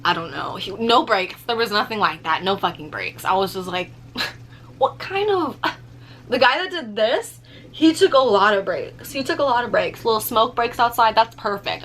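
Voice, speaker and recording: A young woman telling a story in a casual vlog, animated, swearing freely and using lots of fillers. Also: medium pitch. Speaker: vlogger.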